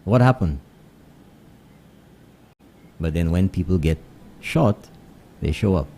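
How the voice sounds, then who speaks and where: A Saint Lucian man hosting a casual morning radio show, trading English and Kweyol as he greets listeners. His voice is low and very dark and mellow. A faint hiss sits under the recording. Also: slow. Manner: switches between English and Kweyol, animated greetings. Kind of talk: casual radio chat and shout-outs.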